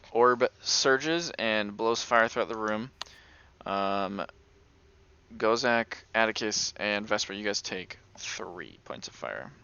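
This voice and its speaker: Young male game master, casual and laughing, low-ish bright voice, dull lo-fi audio. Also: smooth. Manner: laughs often, relaxed and chatty. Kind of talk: running a tabletop game, casual. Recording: dull lo-fi recording.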